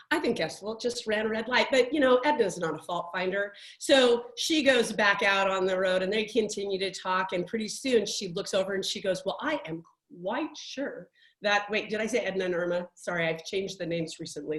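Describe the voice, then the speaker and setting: Woman, life coach, mid pitch, chatty storyteller, roomy sound. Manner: chatty, animated storytelling with many restarts. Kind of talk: conversational workshop talk.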